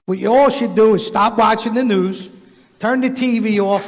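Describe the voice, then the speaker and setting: A man, a parent, making an impassioned, emphatic public comment that repeats its points and rises to a shout. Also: high voice, normal speed, noisy background. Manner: emphatic, repetitive, rising to a shout. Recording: reverberant hall recording.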